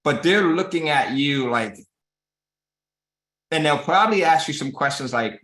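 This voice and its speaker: A man hosts a casual publishing business call, coaching listeners in a motivational chat and acting out the voices of people he quotes, often saying "right?" His voice is fairly high and a bit bright, with lively intonation, a slightly slow pace, and long pauses. The recording has a roomy echo.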